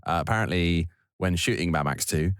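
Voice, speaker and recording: Man, low voice, casual podcast chat, dry close recording. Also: fairly quick, smooth, no echo. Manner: relaxed, chatty, laughs easily. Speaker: podcast co-host.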